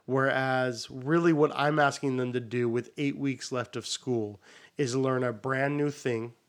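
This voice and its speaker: A man who teaches, co-hosting a casual podcast and telling classroom stories with lively acted-out quotes. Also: medium pitch, unhurried. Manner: animated storyteller, acts out what students say.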